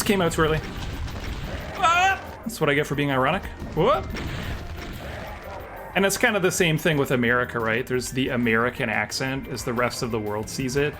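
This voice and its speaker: A man streaming a game live, chatting casually and self-deprecatingly while reacting aloud to the action and answering chat. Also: medium pitch. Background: game music.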